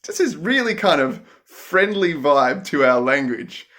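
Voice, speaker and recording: A man's voice: a little high, big pitch swings, a little slow, a bit bright. A man with an Australian accent, a tour guide talking casually to camera in a playful, joking way.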